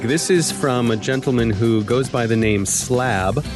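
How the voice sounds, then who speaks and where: A man's voice: medium pitch, measured pace, over music. A man co-hosting a podcast in casual chat, easygoing and prone to repeating words as he starts. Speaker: podcast co-host.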